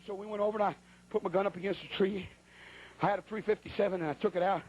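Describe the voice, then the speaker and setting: A man's voice: high-pitched, fairly even intonation, rapid-fire, darkish tone, lo-fi sound, a little hiss or hum. A man preaching in a church, telling a folksy, colloquial story as part of a sermon. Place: church at a pulpit.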